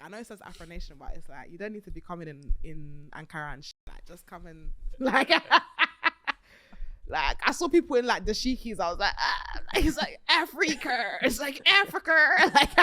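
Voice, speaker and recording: A lower-voiced woman hosts a casual podcast chat. She talks in an animated, chatty way, laughing often and swearing freely. Her voice sounds dry and close, with no room around it. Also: no echo. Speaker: podcast host.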